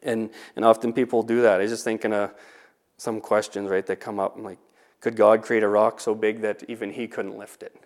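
A man's voice: fairly low pitch, flat delivery, fairly quick. A man, a teacher, talking casually about faith, often restarting words and checking in with "right?". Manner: conversational, frequent "right?" and restarts.

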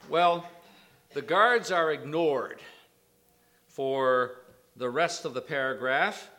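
A man preaching a sermon, slow and emphatic, rising sharply on quoted lines with scholarly asides. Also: bright, forceful tone. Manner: slow, emphatic, with sudden lifts in pitch and volume on quotations. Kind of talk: expository sermon.

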